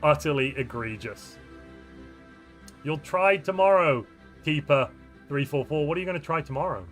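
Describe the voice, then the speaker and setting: A chatty male streamer with a bright, somewhat high voice talks loosely to his live audience. He answers viewers' messages in a playful, joking way. Faint music plays underneath. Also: a little fast. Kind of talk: live-stream chat while gaming.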